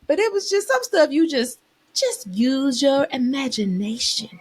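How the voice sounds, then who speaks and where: Animated woman co-host with a fairly high voice, chatty and expressive. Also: unhurried. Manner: animated, emotional storyteller, Southern US dialect forms. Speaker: podcast co-host. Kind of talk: casual chat.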